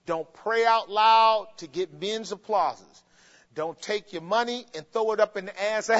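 A man preaching in a high, light voice, animated and quick to laugh and to mimic the people in his story. His words ring out through a large hall with a long echo, and the recording sounds muffled. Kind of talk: sermon.

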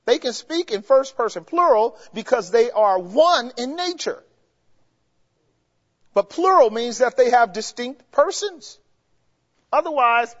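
Male preacher with a very high voice, leads the crowd with call-and-answer questions, recorded dull and lo-fi in a hall with long echo. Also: a bit bright. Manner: asks the congregation questions and has them answer; explains grammar step by step, with emphatic rises. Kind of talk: sermon teaching.

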